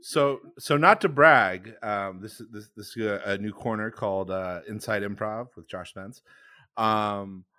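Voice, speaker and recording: A man's voice: lowish voice, a little slow, pushed and bright, no room sound, clean studio sound. A man co-hosting a casual podcast, telling rambling stories with laughter. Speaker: podcast co-host. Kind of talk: casual chat among improvisers.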